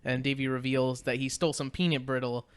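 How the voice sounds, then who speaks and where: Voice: mid-range voice, flat delivery, fast, clear, resonant tone. A podcast co-host casually recapping a movie in a rambling way, with plenty of "uh" and "like" and frequent laughter. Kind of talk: casual chat recapping a film.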